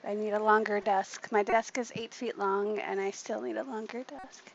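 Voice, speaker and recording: Woman host, gravelly chatty voice, talking through a craft project at her desk; muffled lo-fi sound with background noise. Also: mid-range voice, steady tone, normal speed, hardly any pauses. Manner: chatty, thinking aloud while working. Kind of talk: casual craft tutorial. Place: home craft room at a desk.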